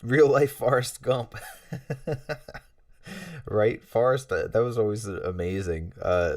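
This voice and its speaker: Reading chat messages aloud, this livestream host rambles amiably with his viewers, laughing softly and using plenty of fillers. He has a deep, slightly mellow voice, captured with studio quality and no room sound, though the mic sits far away.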